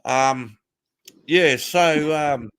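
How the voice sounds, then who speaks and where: A man's voice: on the high side, very slow, fairly bright tone, clean tone. A man telling a crude, profanity-heavy story in casual chat, laughing along as he goes. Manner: crude, swears a lot, laughs while telling. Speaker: podcast host telling a story.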